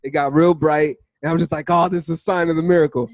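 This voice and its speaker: A young man with a slightly high voice shares a testimony in a relaxed, conversational teaching style. He slips into the voices of the people in his story as he retells it, over a dry, close sound. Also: fast, no echo. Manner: animated storytelling, acts out dialogue with "I was like". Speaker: Bible study teacher.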